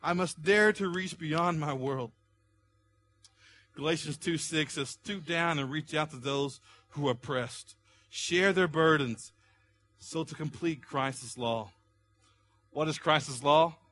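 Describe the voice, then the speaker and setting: A pastor with a fairly high voice preaches at an unhurried pace. His sermon builds to loud, impassioned pleas before easing back into a calmer teaching tone.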